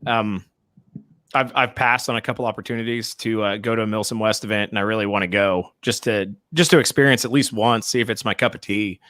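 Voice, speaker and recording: A man's voice: lowish voice, fairly even intonation, a little fast, a bit bright, dry recording, clean studio sound. A man co-hosting a podcast in casual chat, laid-back and rambling. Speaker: podcast co-host.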